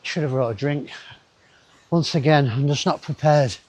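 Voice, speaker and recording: A man's voice: on the high side, moderate pace, a little mellow. A man, chatting casually to his camera as he walks through a river gorge outdoors, rambling with asides to himself. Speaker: travel vlogger. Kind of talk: casual walking commentary.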